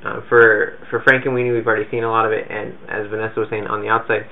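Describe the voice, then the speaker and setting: Man, casual podcast chat, gravelly voice, lowish pitch, rambling with fillers and restarts, tinny phone-like sound. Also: little pitch movement, quick pace. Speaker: podcast co-host and film reviewer.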